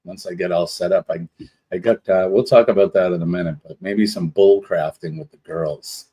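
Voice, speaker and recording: Brief: male livestream host, low voice, easygoing and chatty, greets the chat one name at a time. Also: fairly even intonation, moderate pace, dark tone, breathy edge, rough recording. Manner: rambling, greeting viewers one by one. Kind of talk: casual live-stream chat.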